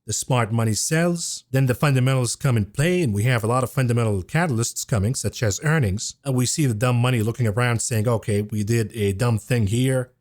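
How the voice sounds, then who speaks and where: Man giving brisk, emphatic market commentary. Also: medium pitch. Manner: brisk, emphatic, talks through charts. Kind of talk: scripted-sounding market commentary.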